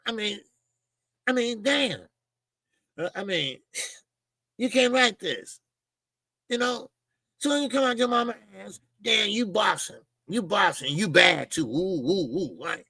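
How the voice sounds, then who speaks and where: High-voiced guy ranting and mocking on his boxing show, swears a lot. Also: lively intonation, slow, pauses often, slightly rough, no echo. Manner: loud, emphatic, mocking, swears freely. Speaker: boxing talk show host. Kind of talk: ranting casual commentary.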